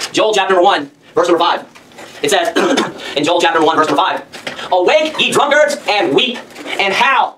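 A man preaching a sermon, firing off rhetorical questions and reading scripture in a forceful voice. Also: sits high, recorded from a distance, a little hiss or hum, poor audio.

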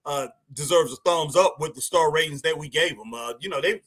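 Male stream host, high bright voice, excitable and laughing, calls folks "man" and "boy". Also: fairly quick, breathy edge. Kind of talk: casual live-stream wrestling commentary.

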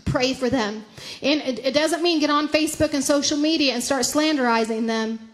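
A high-pitched middle-aged woman preaches a sermon. She is animated and laughs along the way, and her voice climbs even higher when she acts out talking to God. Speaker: pastor.

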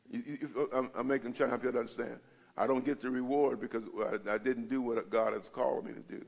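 A man with a gravelly, creaky voice teaches a Bible study as a pastor. He talks casually and conversationally, stopping often to check that his listeners follow. He is in a church. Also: mid-range voice, steady tone, brisk, darkish tone.

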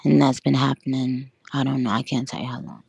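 A woman chatting casually and profanely on a livestream, rambling, laughing often and talking with animated energy. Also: a bass voice, a little fast, gravelly, slightly rough, no room sound. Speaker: livestream host. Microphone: audio livestream from home.

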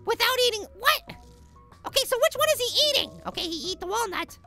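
A man voicing a tiny, excitable cartoon apple boy in frantic let's play commentary, yelling at the game. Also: a little fast, vocal fry, full character voice. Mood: frantic excited. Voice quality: squeaky, sped-up high voice. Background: game music.

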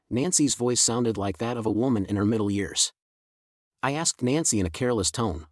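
A man narrating a first-person story in an even, measured way. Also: mid-range voice, no echo, clean studio sound.

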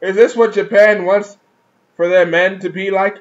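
Man, high voice, mocking and profane, casual comic review, dull lo-fi sound. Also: steady tone, normal speed. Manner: profane, mocking, laughs often. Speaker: manga reviewer.

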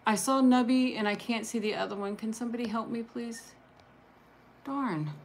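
A woman hosting a casual live stream, chatting warmly and gushing, thanking viewers one by one. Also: on the high side, normal speed, a little hiss or hum. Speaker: livestream host showing handmade junk journals.

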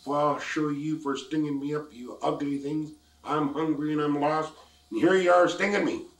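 Old man putting on a lost little girl, raised gravelly whine, complaining, roomy echo, distant mic. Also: on the high side, fairly even intonation, normal speed, voice pushed up, natural voice. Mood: angry. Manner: plaintive, complaining. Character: lost, weeping young girl, frightened and self-pitying. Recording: echoey room, distant mic.

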